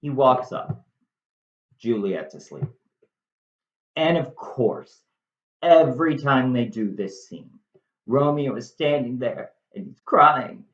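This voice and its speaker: A man casually retelling a play to viewers, with wry, conversational asides. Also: medium pitch. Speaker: video host. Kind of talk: casual storytelling lesson. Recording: roomy, slightly dull recording.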